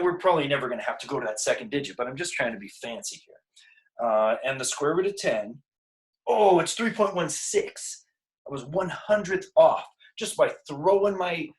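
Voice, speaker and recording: Over poor audio, a slightly high-voiced man, out of breath, works math problems aloud in a relaxed lesson. He jokes and tosses in asides while reasoning through each one.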